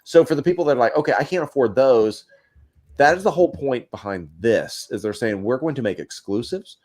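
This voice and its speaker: A chatty man co-hosts a livestream and explains his points at length. His pitch moves up and down freely as he works through his ideas. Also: animated, brisk, a little mellow. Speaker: co-host. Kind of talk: casual livestream chat.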